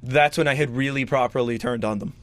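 A young man from Washington, D.C., co-hosting a casual political chat, talking quickly with lots of "like" fillers. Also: medium pitch, dry recording. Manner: quick, animated, full of "like" fillers. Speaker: podcast co-host.

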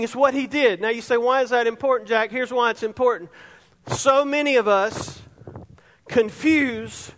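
A middle-aged male pastor preaches in a church sanctuary, his very high, slightly bright voice leaning on repeated phrases for emphasis. A long reverb from the surrounding hall trails his words.

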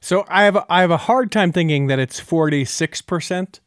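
A man's voice: a little high, normal speed, clean tone, dry recording, clean studio sound. A man hosting a casual podcast, talking things through step by step with plenty of filler words. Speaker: podcast host.

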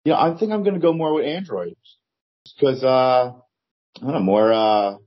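A man's voice: mid-range voice, animated, a little slow, highs cut off. A man with a New Jersey accent, an author guest on a podcast, answering hesitantly and repeating himself. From New Jersey, United States. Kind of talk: casual interview chat.

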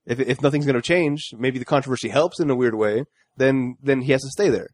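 A man chatting casually as a podcast co-host, often tripping over and repeating his words. His voice sits at an ordinary middle pitch. The recording is dry and close. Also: brisk, darkish tone, dry recording. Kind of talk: casual chat.

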